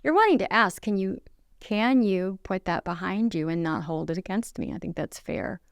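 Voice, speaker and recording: A woman's voice: mid-range voice, moderate pace, gravelly, clear, resonant tone, dry recording. A middle-aged woman giving relationship advice in a casual conversation, earnest and instructive, often acting out quoted apologies. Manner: acts out quoted apologies in lively voices.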